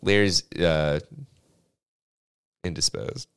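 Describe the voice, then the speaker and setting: A man's voice: sits low, extremely slow, gravelly, a bit bright, smooth. A man co-hosting a casual podcast, reading out a news story and riffing on it with friends, swearing and laughing often. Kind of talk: casual banter.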